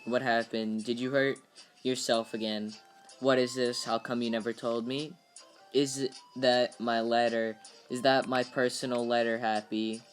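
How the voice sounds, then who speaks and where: A man voicing a troubled, lonely male aspiring comedian in a parody dub of a film script, with a halting, stammering delivery. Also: medium pitch, little pitch movement, soft background music, natural voice. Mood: agitated.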